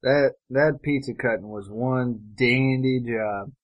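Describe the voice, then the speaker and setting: A man tossing in crude, playful jokes during a loose conversation. His voice sits at an ordinary middle pitch, and his talk is offhand and chatty. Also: takes it slowly, dull audio. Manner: joking, crude asides. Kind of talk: casual chat.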